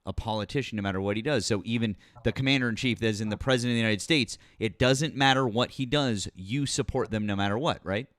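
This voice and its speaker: A man's voice: mid-range voice, quick pace, hardly any pauses, fairly bright tone, dry recording, studio quality. Condescending man hosting a political stream. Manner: condescending, talks over the caller, calls him kiddo and bud. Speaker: host of a political call-in stream. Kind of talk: combative live-stream debate.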